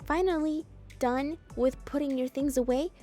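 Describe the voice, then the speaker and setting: A woman streamer reading a story game aloud, breaking off into playful, expressive reactions and jokes about her own reading. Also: sits high, moderate pace, faint music behind.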